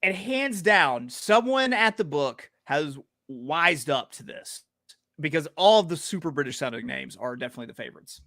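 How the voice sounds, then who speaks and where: A man co-hosting a casual sports betting podcast, hyped and jokey, getting loud when he reads out names. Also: a little high, lively intonation, moderate pace. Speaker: podcast co-host.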